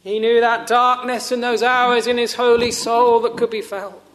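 A man preaching a sermon in a slow, solemn, measured way with long pauses, sometimes dropping to a hush. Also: very high-pitched, level tone, a little hiss or hum.

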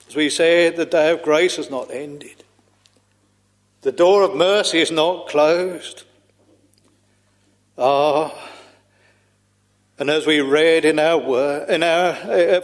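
A man's voice: fairly high pitch, big-room sound. A man preaching a solemn sermon, drawing out his phrases and sighing "ah" between them in old-fashioned scriptural language. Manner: slow, solemn, drawn-out preaching with frequent sighing "ah"s.

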